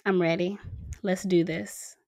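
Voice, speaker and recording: A woman's voice: on the low side, flat delivery, a little slow, dark tone. A woman in her forties hosting a commentary video, speaking earnestly and pressing her points with emphasis. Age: 40s. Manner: earnest, emphatic, pushes harder when stressing a point. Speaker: channel host. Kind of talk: commentary to camera.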